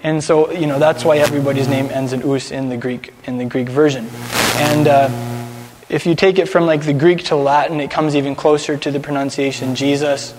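A man's voice: medium pitch, level tone, fairly quick, darkish tone, big-room sound, soft background music. A man teaching a congregation in a chatty sermon, often repeating words and having listeners repeat after him. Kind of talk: conversational sermon.

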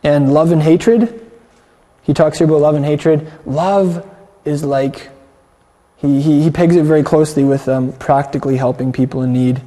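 A man who teaches a congregation gives an earnest sermon, posing questions to his listeners. His fairly high voice has a mellow, dark tone, with fairly even intonation and a normal speed. The room adds a long, ringing reverb.

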